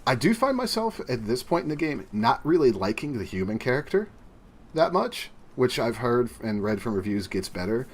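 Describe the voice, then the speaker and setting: A man co-hosting a casual gaming podcast, rambling in a relaxed way with plenty of fillers. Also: medium pitch, normal speed. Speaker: podcast co-host.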